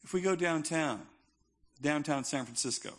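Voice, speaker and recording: A man's voice: on the high side, moderate pace, a bit bright. A male pastor preaching a sermon in a conversational, emphatic style with touches of humor.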